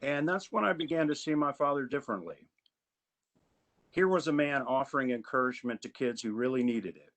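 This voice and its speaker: A man's voice: mid-range voice, a bit bright, poor audio. Earnest man giving heartfelt remarks. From Augusta, Georgia, US. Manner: earnest, measured storytelling. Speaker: advisory committee chair. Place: virtual meeting.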